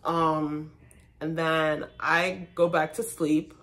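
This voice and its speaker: Young woman vlogger, slightly low voice, chatty, talks straight to her viewers. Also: drawn-out words. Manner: chatty, addresses viewers as y'all, excited bursts. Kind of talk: casual vlog chat.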